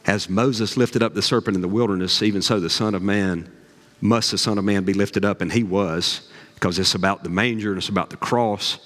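A man, a pastor preaching a sermon with folksy stories and animated asides. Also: on the low side. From Southern US. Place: church sanctuary. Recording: long reverb of a large hall.

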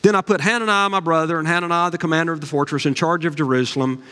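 Pastor preaching in a reverberant hall. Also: male voice, on the high side, very fast, clear, resonant tone. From Southern US. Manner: folksy storytelling, animated asides. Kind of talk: sermon. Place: church sanctuary. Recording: long reverb of a large hall.

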